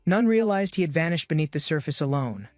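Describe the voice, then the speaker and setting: A man's voice: on the high side, expressive, fairly quick, dry recording, clean studio sound, soft background music. A man giving scripted, dramatic narration of a comic-book recap.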